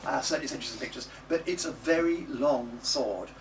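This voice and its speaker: A man's voice: mid-range voice, fairly quick. A man teaching a singing class, coaxing students and demonstrating phrases by singing them. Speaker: music teacher. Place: classroom or studio. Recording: distant mic with background noise.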